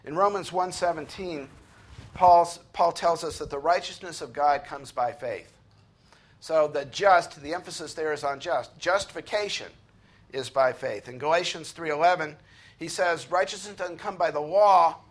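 Earnest man preaching a sermon. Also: on the high side. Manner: earnest preaching, slows and rises to read scripture. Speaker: pastor.

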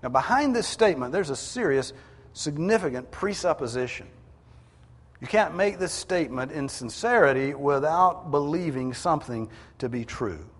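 A male preacher delivers a sermon in a slightly breathy, husky voice. His pitch moves a lot, climbing sharply when he presses a point. The sound carries a long reverb, as in a large hall or church. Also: lively intonation, normal speed. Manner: emphatic, rises in pitch and volume to drive points home.

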